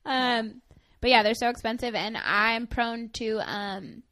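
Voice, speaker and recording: A woman's voice: on the high side, a little slow. A young woman, chatting candidly as a podcast co-host, full of fillers and playful asides. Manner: candid, chatty, animated storytelling with many fillers. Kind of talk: casual chat.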